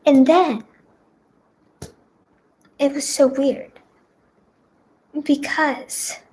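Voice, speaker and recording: A young woman vlogger telling a personal story in a chatty, animated way, full of fillers. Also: a little high. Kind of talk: casual storytime.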